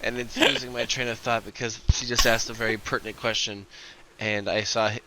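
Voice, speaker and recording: A man's voice: on the low side, big pitch swings, a little fast, gravelly, very noisy. A man playing a tabletop game, amused and stumbling over his words. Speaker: player. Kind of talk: casual game chat.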